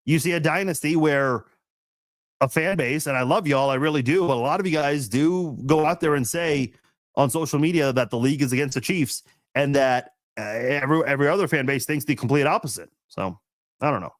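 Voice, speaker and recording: A man's voice: fairly high pitch, brisk, no room sound. A man hosting a casual live-stream chat, reading viewers' comments in a rambling, laid-back way with frequent laughs, fillers and restarts.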